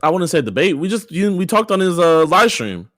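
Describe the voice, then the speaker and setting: A man's voice: sits high, sing-song, brisk, fairly bright tone. Upbeat rambling young man guest. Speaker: streamer guest. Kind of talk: casual livestream chat.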